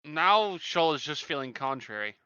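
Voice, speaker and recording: Player, male, bright smooth voice, wry jokes, lo-fi mic. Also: fairly high pitch, very animated, moderate pace, no echo. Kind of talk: casual tabletop game chat.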